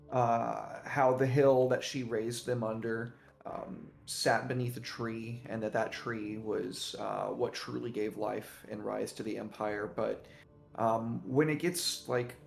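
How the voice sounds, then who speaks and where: A man runs a tabletop horror game, his voice gravelly and full of fry. He speaks haltingly, with many fillers and restarts, while faint music plays behind him. The sound is roomy and echoey. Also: medium pitch. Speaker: game master. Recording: roomy echo.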